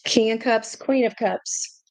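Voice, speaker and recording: A woman giving a casual tarot reading to her viewers, chatty and excitable, breaking into gushing exclamations. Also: on the high side, slow, no room sound. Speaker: tarot reader.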